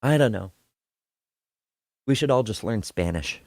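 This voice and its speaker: Animated chatty host guy from the northeast us, laughs a lot, dry sound. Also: fairly low pitch, measured pace, dry recording. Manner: chatty, storytelling, laughs often. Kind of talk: casual chat reviewing a debate.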